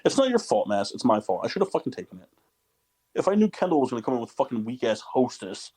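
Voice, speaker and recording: A young man in casual podcast chat, swearing loudly and playing up his outrage at friends. His voice sits at an everyday middle pitch, and he rants in bursts. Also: sing-song, fast talker, slightly rough. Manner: loud, swearing, mock-outraged. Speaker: podcast co-host.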